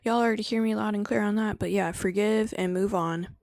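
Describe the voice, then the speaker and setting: Gravelly-voiced woman hosting a casual livestream. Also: medium pitch, steady tone, fairly quick, darkish tone, no echo, studio quality. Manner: slangy, laughs often, reads and answers chat; spiritual preaching tone. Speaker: livestream host. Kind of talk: casual live-stream chat.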